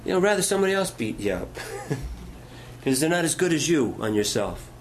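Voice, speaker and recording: A man's voice: on the high side, big pitch swings, moderate pace, a little hiss or hum. A middle-aged male pastor preaching a sermon, telling stories in a folksy way and asking the congregation questions.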